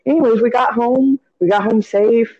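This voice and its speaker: A man's voice: very high voice, steady tone, moderate pace, lo-fi sound. A man telling a story in casual chat. He rambles, fills it with "you know" and "like", and often restarts his sentences.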